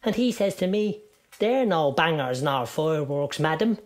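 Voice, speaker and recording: A performer voicing a chatty, folksy old Irish woman who tells her story with big swings in pitch. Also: lively intonation, moderate pace, lightly acted. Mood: gossipy.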